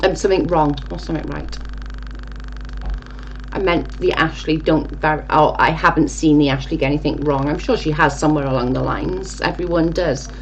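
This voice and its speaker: A woman's voice: low voice, steady tone, normal speed, creaky, highs cut off, slight background noise. A young woman casually chatting on a live stream, reading viewer comments and rambling, with casual swearing.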